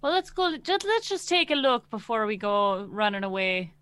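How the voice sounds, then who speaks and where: A woman's voice: mid-range voice, big pitch swings, moderate pace, a bit bright, clean tone, no room sound. A woman voicing a folksy, bawdy married man who stammers and restarts often.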